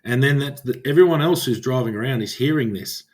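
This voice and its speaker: A man's voice: medium pitch, fairly quick. A man with an Australian accent, a former police officer co-hosting a podcast and telling stories in casual chat, acting out old radio calls as he goes.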